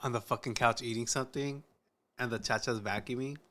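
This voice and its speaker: A man's voice: medium pitch, steady tone, a bit bright. A man hosting a casual chat, reacting to the story with profane jokes and slang. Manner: slow, profane, joking reactions mixing Spanish slang. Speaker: host.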